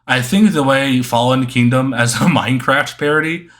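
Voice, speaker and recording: A man's voice: medium pitch, normal speed, a bit bright. Rambling young man answering fan questions. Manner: rambling, with frequent ums and self-corrections. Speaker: YouTube creator answering viewer questions. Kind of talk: casual Q&A monologue.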